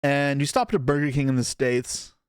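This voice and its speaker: A man's voice: medium pitch, normal speed, clean tone, no echo, clean studio sound. A young man from Canada chatting casually on a live stream, rambling and self-deprecating as he reacts to chat.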